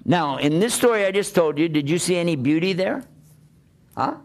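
A man giving a religious talk to an audience, lively and questioning, often acting out the voices of the people he quotes. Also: a little high, normal speed. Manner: animated, plays out quoted voices and asks rhetorical questions. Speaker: Islamic preacher.

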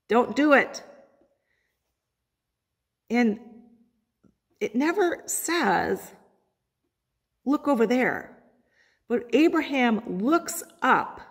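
A woman pastor preaching a sermon, quoting scripture with dramatic pauses. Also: a little high, expressive, husky. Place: church sanctuary. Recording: long hall reverb.

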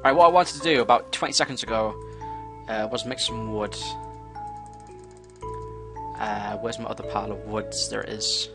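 A man giving casual, excitable commentary as he plays a game, talking to himself with sudden yelps. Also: on the low side, moderate pace, long pauses, over music. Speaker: gameplay commentator.

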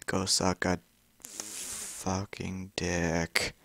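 A young man commenting on a frustrating video game he is playing, exasperated, swearing and yelling at it. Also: mid-range voice, animated, slow pace, pauses often, no echo, clean studio sound. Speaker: gamer. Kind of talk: frustrated let's-play commentary.

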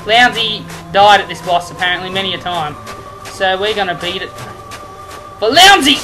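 A woman doing let's play commentary, excitable and trash-talking the enemies she fights. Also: mid-range voice, normal speed, poor audio. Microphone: headphones and desk mic. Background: game music.

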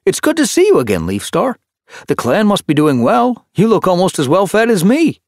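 A man's voice: a little high, big pitch swings, normal speed, no room sound, studio quality, pitched above the performer's own voice. A man voicing a cheerful, well-fed male house cat who is a bit smug, in an audiobook.

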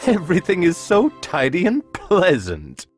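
A woman voicing a cheerful, helpful male water rat in a lively, upbeat way. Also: lowish voice, measured pace, faint music behind, pitched above the performer's own voice. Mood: admiring.

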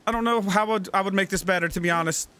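A man giving gaming commentary, talking himself through moves and yelling and swearing at the game. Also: high-pitched, quick pace, clean tone. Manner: swears a lot and yells at the game. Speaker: let's play gamer.

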